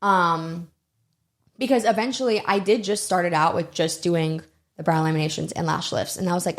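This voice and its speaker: Animated young woman telling stories. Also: lowish voice, normal speed. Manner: animated storyteller, self-deprecating, says "literally" a lot. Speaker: podcast guest, esthetician. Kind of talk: casual chat.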